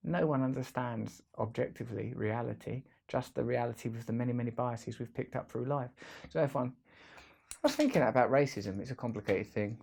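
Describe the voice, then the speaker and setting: A man's voice: mid-range voice, brisk, creaky, darkish tone, husky. A man hosting a casual, rambling vlog, full of playful jokey asides. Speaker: host.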